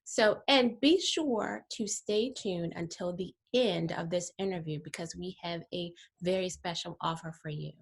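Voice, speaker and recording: A woman's voice: lowish voice, unhurried, vocal fry, few pauses, slightly rough. A woman hosting an interview, inviting her guest to speak and answering with short affirmations. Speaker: interview host. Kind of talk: hosted interview.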